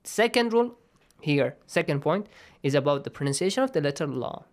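A man's voice: fairly high pitch, lively intonation, brisk. Man, tajweed teacher, patient, step by step, asks "yes?" often. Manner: patient, step-by-step explaining, checks understanding with "yes?". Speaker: Quran recitation teacher. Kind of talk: radio Quran lesson.

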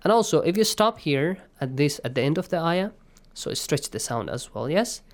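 A man teaching Quran recitation rules. He explains patiently, checks in with his students, and chants verses in a slow, stretched way. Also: on the high side, very animated. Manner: patient, checks in often with "okay?" and "yes?". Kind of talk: online class, explaining and reciting.

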